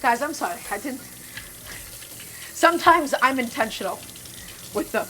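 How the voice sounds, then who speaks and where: A woman with a slightly high voice hosts a live cooking stream in a loose, chatty way. She talks straight to her viewers and repeats each step as she works. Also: lively intonation, normal speed, bright, forceful tone, a little hiss or hum.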